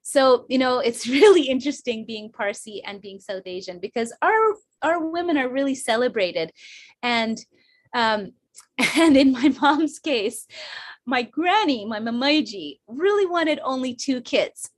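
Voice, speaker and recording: A woman's voice: on the high side, animated, moderate pace. A woman with a Canadian English accent giving a chatty storytelling talk to a community event, with fillers and restarts and bursts of rising energy. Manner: bursts of enthusiastic, rising energy when describing her mother. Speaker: speaker at a women's community event.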